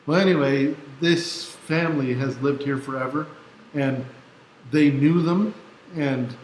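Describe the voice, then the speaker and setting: A tired male teacher talks to his class in a mid-pitched voice, laughing easily and restarting his sentences as he goes. The room is echoey, with a faint hum of ambience behind him. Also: measured pace. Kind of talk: classroom lecture with anecdote.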